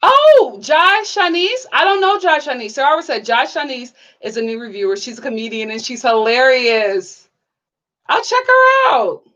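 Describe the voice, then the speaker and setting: A young woman hosting a casual livestream, chatty and bubbly, full of "like" fillers and sudden excited high exclamations. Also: normal speed, dull audio. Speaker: YouTube reality-TV reviewer reading live chat.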